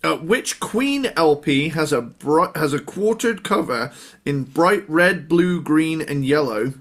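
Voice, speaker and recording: A man co-hosting a podcast at home, joking and swearing as he chats. He talks slowly in a fairly high voice that swings up and down a lot, with frequent laughs and filler sounds. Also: expressive, fairly bright tone. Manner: giggly, jokey, sweary, with lots of fillers and laughter. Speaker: podcast co-host. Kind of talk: casual chat.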